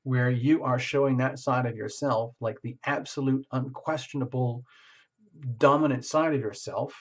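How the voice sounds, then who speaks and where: Doing a tarot reading at normal speed, a man speaks with a medium pitch and fairly even intonation. He talks candidly, searching out loud for what to say, on a slightly muffled lo-fi recording.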